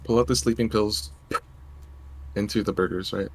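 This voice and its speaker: A man's voice: on the low side, steady tone, normal speed, breathy edge, dry recording. A man playing a tabletop role-playing game, talking in a hesitant way with lots of fillers and tag questions. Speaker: player. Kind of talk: tabletop role-play as a player.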